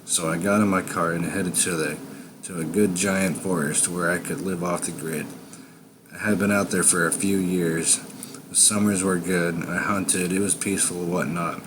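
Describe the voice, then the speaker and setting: A man narrating a first-person scary story in a low, unhurried, menacing drawl. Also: steady tone, background noise.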